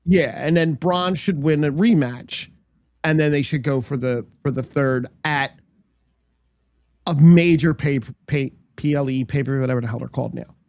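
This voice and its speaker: A man's voice: on the high side, moderate pace, a little mellow, no room sound, studio quality. A man co-hosting a podcast, giving emphatic, opinionated takes in casual chat. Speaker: podcast co-host.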